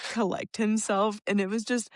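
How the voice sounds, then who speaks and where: A woman's voice: medium pitch, little pitch movement, moderate pace, darkish tone, no echo, clean studio sound. A young woman co-hosting a podcast, telling a long family story in a chatty way and laughing often. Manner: chatty, laughs often, tells stories at length. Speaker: podcast co-host. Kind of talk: casual chat, storytelling.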